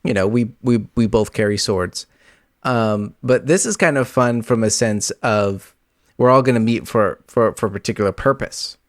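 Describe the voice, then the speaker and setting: A man's voice: on the low side, normal speed, dry recording, studio quality. A man co-hosting a casual tabletop podcast, thinking aloud and often repeating his words. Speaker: podcast co-host. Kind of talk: casual chat about a tabletop campaign.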